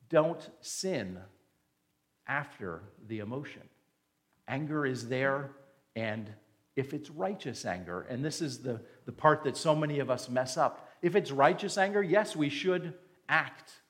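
A man's voice: fairly high pitch, animated, measured pace, a bit bright. A male pastor preaching a sermon, emphatic and fond of rhetorical questions.

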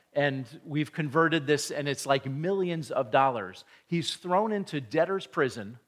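A man's voice: on the high side, a bit bright. A middle-aged father giving an earnest devotional talk, telling stories and acting out quoted dialogue. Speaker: Christian parenting teacher. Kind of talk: devotional teaching.

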